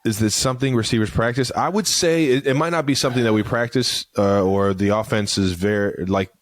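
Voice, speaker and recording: A man co-hosting a casual sports podcast as a football receiver, animated and joking, swearing freely. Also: on the low side, brisk.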